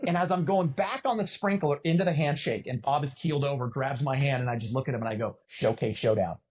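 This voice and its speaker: A middle-aged man telling a story as a podcast guest in a casual, animated way, cursing and poking fun at himself. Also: mid-range voice, fast, slight background noise. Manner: animated, profane, self-mocking. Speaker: podcast guest, former volleyball player and announcer.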